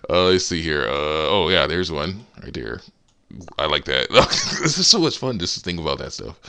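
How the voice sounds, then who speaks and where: A man with a very deep, gravelly voice talks through his modding work in rambling, giggly commentary. His voice is bright and edgy despite the low pitch, and his intonation swings up and down a lot. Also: very animated, normal speed. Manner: rambling, giggly, self-interrupting. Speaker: game modder. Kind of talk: casual commentary while editing a game.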